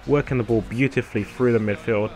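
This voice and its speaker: A man with a raspy, slightly ill voice giving laid-back, chatty commentary over his football video game match, with lots of ums. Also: mid-range voice, steady tone, fast talker, a little mellow, faint music behind. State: a little ill, hoarse. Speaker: gaming commentator.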